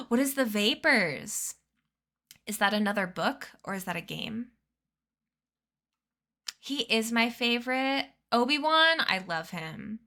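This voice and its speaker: A woman's voice: mid-range voice, pushed and bright. A young woman in her twenties chatting casually with her stream chat, bubbly and giggly, sleepy. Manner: bubbly, giggly, reads chat names aloud. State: sleepy, yawning. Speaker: streamer reading a book aloud.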